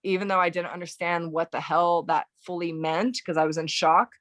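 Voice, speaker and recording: Young American woman, guest on a podcast, flat monotone delivery, hesitant and full of restarts. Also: on the low side, no room sound. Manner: halting, many fillers and restarts. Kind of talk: emotional personal recollection.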